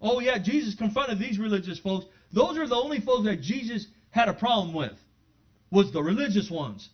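A man preaching a sermon in a church, talking conversationally to his congregation and building to loud, fervent exclamations. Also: high voice, expressive, normal speed. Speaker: pastor. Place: church sanctuary. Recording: dull lo-fi sermon recording.

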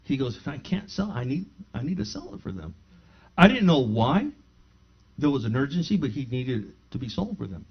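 A man's voice: medium pitch, moderate pace. A middle-aged man, a pastor, preaching and telling a personal testimony in his home, acting out both sides of a conversation. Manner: animated storyteller who acts out both sides of a dialogue. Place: his own home living room. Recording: slightly dull lo-fi sound.

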